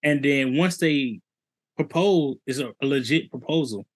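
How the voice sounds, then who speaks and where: A man's voice: mid-range voice, a little slow. A man co-hosting a podcast in casual chat, listening closely and asking curious follow-up questions. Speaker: podcast co-host.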